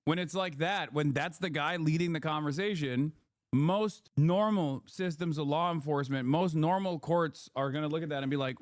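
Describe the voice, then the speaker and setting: A man with a slightly high voice talks through a live stream chat. His political commentary rambles, with lots of fillers and a sarcastic edge. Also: normal speed. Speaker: stream guest.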